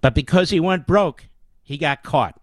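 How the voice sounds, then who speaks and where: A man with a fairly high voice delivers a forceful, declamatory political monologue as a talk show host. He hammers his points home with repeated phrases. The recording is dry and close, with no room echo. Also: normal speed. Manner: emphatic, declamatory, heavy rhetorical repetition.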